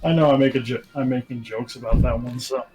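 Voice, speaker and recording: A man's voice: medium pitch, steady tone, fast, a little mellow, slightly rough, poor audio. A man chatting casually as a player in a gaming group, giving short replies and cracking jokes.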